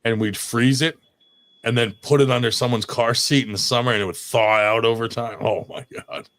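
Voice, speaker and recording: A man's voice: medium pitch, fairly even intonation, a little fast, fairly bright tone. A man telling prank stories in casual chat, swearing often and laughing as he goes. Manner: profane, laughing storyteller. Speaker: podcast co-host. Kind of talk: casual storytelling.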